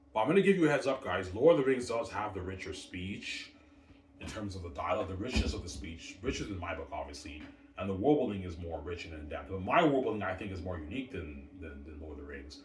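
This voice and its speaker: A man's voice: low voice, a little hiss or hum. A man hosting a casual solo livestream, boasting over and over and calling out to his viewers. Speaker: livestream host. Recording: roomy, distant mic.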